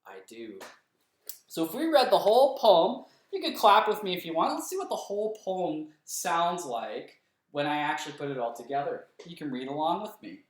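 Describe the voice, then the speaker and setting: A man's voice: fairly high pitch, very animated. Young male kindergarten teacher, patient and encouraging, counts beats aloud, very echoey home room. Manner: slow, clear, encouraging, counts and claps along. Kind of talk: home-recorded remote lesson for young children.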